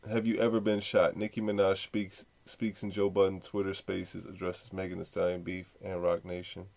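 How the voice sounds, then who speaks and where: A man's voice: deep voice, little pitch movement, normal speed, creaky, a little mellow. A man hosting a podcast, giving laid-back, slangy reaction commentary full of swearing and asides. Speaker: podcast host.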